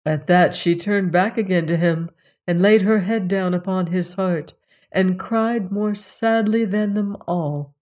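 A woman narrating a fairy tale in a measured, solemn storytelling manner. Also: on the low side, a little mellow. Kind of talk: storybook reading.

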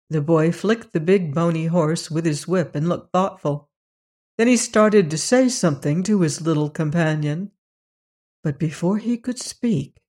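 A storybook narrator reads at a slow, deliberate pace. The delivery stays even and measured throughout. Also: medium pitch. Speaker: audiobook narrator.

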